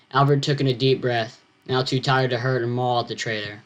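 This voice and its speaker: A teenage boy reads his own science fiction story aloud in a mid-range, steady voice. His delivery is halting, and he keeps interrupting himself to comment on and explain his text.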